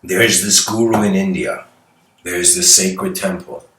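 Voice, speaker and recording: A man giving a spiritual lecture by telling a story, rambling and animated, often restarting and adding "like" and "you know". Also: low-pitched, normal speed, slight background noise. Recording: echoey room, mic at a distance.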